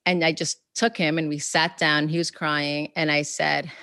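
A woman's voice: low-pitched, little pitch movement, normal speed, no room sound, studio quality. A woman in her thirties, a guest author and educator, talking through ideas in a casual interview with plenty of fillers and restarts. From New York. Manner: warm, reflective, many fillers and restarts.

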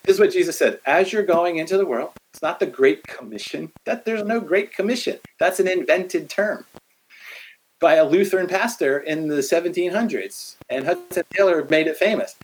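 A middle-aged man in a casual faith conversation, animated, acting out quotes as he tells stories. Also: sits high, normal speed, husky, poor audio.

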